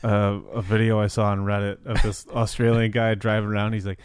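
A man's voice: fairly low pitch, level tone, fairly quick, smooth, no room sound, clean studio sound. A man co-hosting a podcast, casually riffing with crude, sweary jokes. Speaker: podcast co-host. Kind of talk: casual chat.

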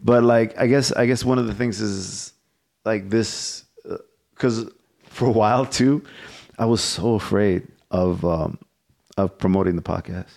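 A man's voice: on the low side, a little slow, gravelly, darkish tone. A man hosting a podcast in casual chat, rambling and swearing freely as he tells a story, with laughs along the way. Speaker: podcast host.

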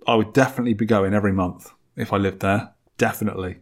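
A man's voice: on the low side, fairly even intonation, fast. Teasing man hosting a podcast quiz. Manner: teasing quizmaster, reads listener mail aloud. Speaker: podcast host. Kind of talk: casual podcast chat and letter reading.

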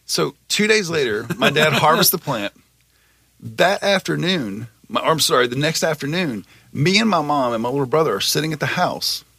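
Podcast guy from georgia, gravelly husky voice, rambles and swears a lot, dry close mic. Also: on the high side, animated, moderate pace, sharp tone, no room sound. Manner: rambling, profane, lots of fillers. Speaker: podcast host. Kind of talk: casual storytelling chat.

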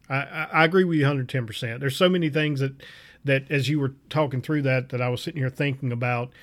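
A man hosting a casual interview, agreeing with his guest in halting, filler-heavy speech. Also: mid-range voice. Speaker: podcast host.

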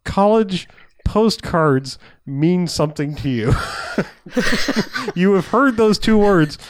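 A man's voice: sits high, lively intonation, takes it slowly, no room sound. A man recapping a movie in casual chat, sarcastic and profane, laughing often.

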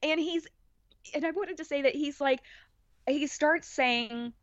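Woman podcast guest, animated chatter with laughs, dull dry lo-fi sound. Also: high voice, a little slow, dry recording. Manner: animated, laughing, many restarts. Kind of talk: casual chat.

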